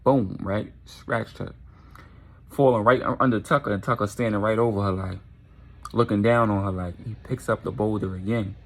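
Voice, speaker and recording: A man telling a dark story in a casual, animated storytime manner, profane and often asking "right?". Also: fairly low pitch, normal speed.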